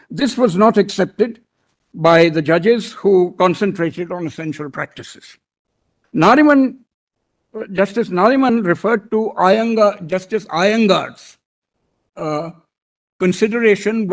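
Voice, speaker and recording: A man with an Indian English accent argues before a court bench, his voice sitting fairly high for a man. He speaks in a deliberate, deferential way, repeatedly addressing the judges as he builds his legal point. The delivery is measured courtroom advocacy.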